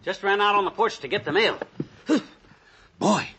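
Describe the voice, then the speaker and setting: An actor playing a stubborn, grumbling middle-aged husband who cracks folksy jokes, in 1940s radio acting style. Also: male voice, sits high, unhurried, sharp tone, husky, exaggerated voice. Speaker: comic lead in radio sitcom.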